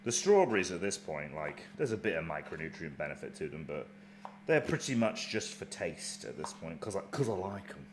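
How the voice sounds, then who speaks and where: A man's voice: low-pitched, big pitch swings, brisk, slight background noise. A man in his thirties chatting casually and cursing freely while making a meal for his fitness vlog. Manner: chatty, profane and offhand. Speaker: bodybuilding vlogger.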